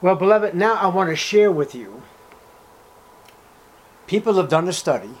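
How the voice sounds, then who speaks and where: A man preaching a sermon, swinging between loud, declaiming scripture readings in old-fashioned wording and hushed, intimate asides. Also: high-pitched, expressive, normal speed, rough recording.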